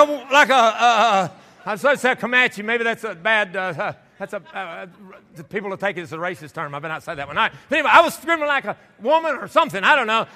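High, bright preacher man in a church hall. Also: fast talker. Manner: animated, acts out scenes with shouts and laughs. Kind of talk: sermon storytelling. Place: church sanctuary. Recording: church hall with long reverb.

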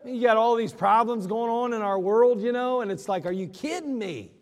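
Male pastor, high voice, folksy sermon delivery with emphatic slowdowns, reverberant hall.

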